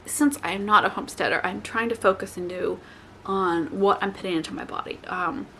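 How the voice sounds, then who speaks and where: A woman vlogger talking casually to the camera, rambling and correcting herself, with lively, playful asides to her viewers. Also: mid-range voice, brisk, a little hiss or hum. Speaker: lifestyle vlogger. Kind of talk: casual chatty advice to camera.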